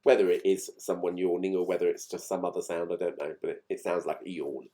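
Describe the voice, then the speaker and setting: A man with a fairly low voice talks casually to his channel's viewers. He explains small recording quirks in close detail, and his enthusiasm comes through. His delivery is conversational and unscripted. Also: flat delivery, quick pace, mellow. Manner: chatty, detailed, audibly enthused about tiny recording details. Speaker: music channel host.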